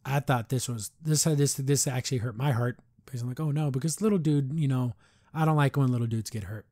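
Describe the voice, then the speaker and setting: A man hosting a podcast, casually rambling through an animated episode recap and paraphrasing the characters as he goes. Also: medium pitch. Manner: rambling, animated retelling with quick paraphrased quotes. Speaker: podcast host.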